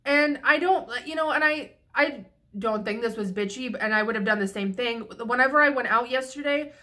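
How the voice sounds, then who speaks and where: A young woman talks straight to camera in a rambling, profane vent, doubling back on herself mid-sentence. Her voice sits a bit high and rings bright and sharp, and she sounds a little tipsy. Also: normal speed. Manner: frank and profane, rambling with restarts. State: slightly tipsy. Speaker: vlogger. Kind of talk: casual venting monologue.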